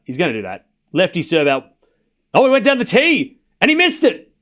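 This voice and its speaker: A man hosting a live tennis watchalong stream, calling each point and cracking jokes in asides. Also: high-pitched. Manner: excitable, joking asides between points. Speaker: watchalong host and commentator. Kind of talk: live play-by-play stream commentary.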